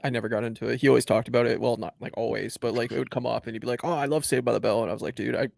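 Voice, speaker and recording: A man's voice: mid-range voice, fairly even intonation, racing, gravelly, darkish tone, no room sound, clean studio sound. A man hosting a podcast in casual chat, joking and swearing freely. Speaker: podcast host.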